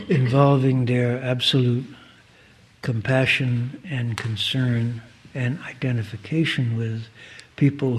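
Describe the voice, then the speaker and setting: Slow husky man reading devotional text. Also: mid-range voice. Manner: measured, earnest, formal reading. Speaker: speaker reading scripture at a spiritual gathering.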